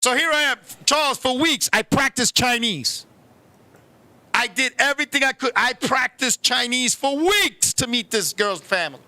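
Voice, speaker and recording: A man telling a comic story on a show, animated and profane, who keeps turning to his co-host. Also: extremely high pitch, moderate pace. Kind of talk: comedic storytelling.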